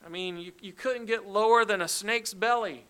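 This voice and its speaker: A man's voice: high voice, moderate pace, sharp tone, clear, resonant tone. A man preaching an expository sermon, emphatic and dramatic, acting out the quoted lines with rising force. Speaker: pastor.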